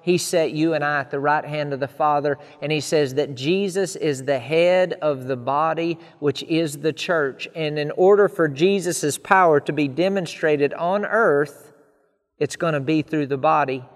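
A man's voice: a little high, a little slow, long reverb tail. A man preaching a sermon in an earnest style, building emphatic repeated lists.

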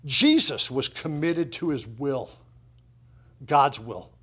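A middle-aged pastor preaching a sermon in a conversational way, with lively asides and emphasis. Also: male voice, mid-range voice, slow, slightly rough.

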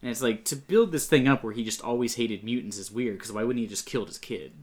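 A man's voice: mid-range voice, quick pace. Brief: a man in casual podcast banter who laughs a lot and pokes holes in movie logic. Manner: laughs often, nitpicky, mock-quotes characters. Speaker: podcast co-host. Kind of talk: casual movie review chat.

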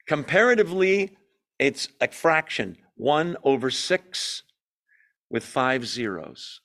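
A man leading an evening Bible study, teaching in an animated, emphatic way, asking his listeners questions and making self-deprecating asides. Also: mid-range voice, takes it slowly.

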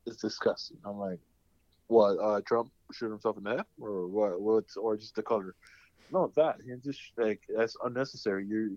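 A man's voice: medium pitch, a little mellow, dry recording. Man, rambling storyteller, swears a lot, muffled dry sound. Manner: rambling storyteller, heavy swearing, acts out quotes. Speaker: podcast co-host. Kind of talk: casual chat.

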